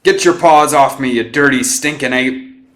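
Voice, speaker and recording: A man's voice: mid-range voice, moderate pace, a bit bright, voice pushed up, lightly acted. Man doing a clowning, movie-mad kid. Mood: mock dramatic. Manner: joking, theatrical. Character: movie-crazy 12-year-old boy, clowning wisecracker.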